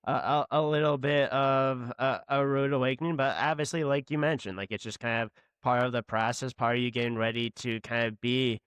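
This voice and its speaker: A male podcast host chats with his guest in an easy, loose way, softening his points with fillers. His voice is smooth and clean. The recording is dry and close. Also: mid-range voice, brisk, few pauses, no room sound. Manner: relaxed, hedging with fillers. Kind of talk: casual interview.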